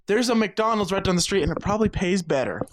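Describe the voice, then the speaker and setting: A man's voice: high-pitched, animated, fast, dry recording. A young man co-hosting a podcast, trading exasperated, swear-filled banter about a bad movie. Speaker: podcast co-host. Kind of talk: casual chat.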